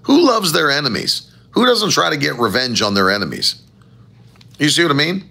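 A man preaching a sermon as pastor, with animated, emphatic rising phrases and a gravelly voice. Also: on the high side, moderate pace.

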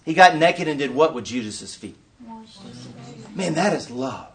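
A man giving a preaching-style conference talk, an animated storyteller who acts out scenes and asks the audience rhetorical questions. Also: fairly high pitch, measured pace, far from the mic. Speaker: workshop speaker at a conference.

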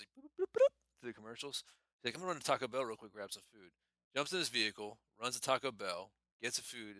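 Animated, bright-voiced man telling stories. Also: fairly low pitch, dry recording. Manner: animated storyteller, swears, laughs often. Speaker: podcast co-host. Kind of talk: casual podcast banter.

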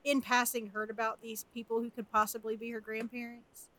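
Woman player at a tabletop game, highish bright voice, chatty. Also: level tone, a little fast. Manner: chatty, describing her character's actions. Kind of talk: playing a character at a tabletop game.

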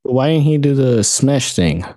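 A man's voice: mid-range voice, expressive, a little slow, dark tone, dry recording, studio quality. A man in a casual sports chat who stumbles over repeated words when he starts a thought. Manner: stammering repeats, laughs easily.

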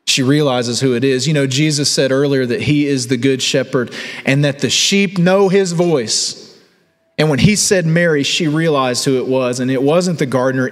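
A man in his thirties preaching a sermon as a pastor, telling a story and acting out the voices in it. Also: medium pitch. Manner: storytelling, acts out quoted voices. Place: church hall. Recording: long reverb of a large hall.

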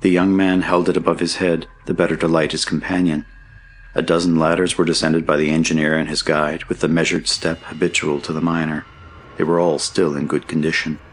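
A man narrating an audiobook in a steady, measured reading. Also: a bass voice. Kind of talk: scripted narration.

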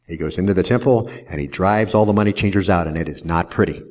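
A man's voice: deep voice, fast talker, darkish tone. Earnest man preaching a sermon. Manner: earnest, often adds "see?" after points. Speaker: pastor. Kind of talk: verse-by-verse sermon.

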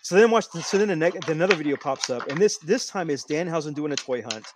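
A man's voice: a little high, animated, quick pace, background noise. A man co-hosting a casual podcast, telling a long rambling story with many restarts. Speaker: podcast co-host. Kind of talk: casual wrestling podcast chat.

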